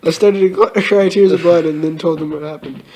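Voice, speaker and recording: A young man giving a comedic, mock-melodramatic reading of a fan story, with shrill put-on outbursts. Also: fairly even intonation, brisk, warm tone.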